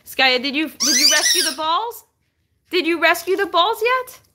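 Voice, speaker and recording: A young woman hosting a casual livestream, cooing and encouraging her dog and swinging up high when she praises it. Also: expressive, normal speed, very noisy.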